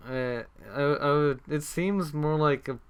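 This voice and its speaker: An anime vlogger with a high, smooth voice speaks unhurriedly as he casually reviews shows he watched. He rambles with many fillers and restarts, tossing in dry, sarcastic asides.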